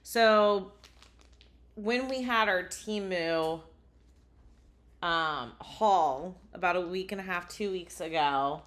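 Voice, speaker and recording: A woman's voice: fairly low pitch, slow pace, long pauses, a bit bright. A woman co-hosting a casual podcast chat, animatedly telling a story and laughing at herself. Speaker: podcast co-host.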